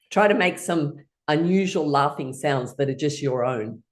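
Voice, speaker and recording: Low-voiced cheerful woman laughter teacher. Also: moderate pace, hardly any pauses. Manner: cheerful, encouraging, breaks into laughter easily. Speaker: laughter yoga instructor. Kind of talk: leading an online laughter class.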